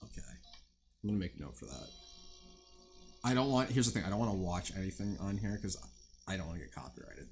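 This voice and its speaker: A man's voice: sits low, expressive, fast talker, long pauses, slight background noise. A young man hosting a livestream, chatting casually with viewers in a rambling, profane way full of fillers. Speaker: livestream host. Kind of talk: casual chat with stream viewers.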